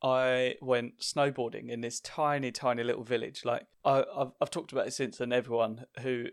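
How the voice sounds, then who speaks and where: Male podcast host with an Essex accent, easygoing and quick to laugh. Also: mid-range voice, little pitch movement, vocal fry. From Essex, England. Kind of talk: casual podcast chat.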